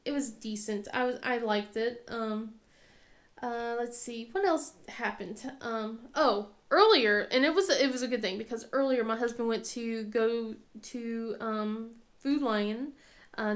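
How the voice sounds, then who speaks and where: A woman in her thirties chatting casually while crafting, telling stories with many fillers and laughs. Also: on the high side. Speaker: craft vlogger.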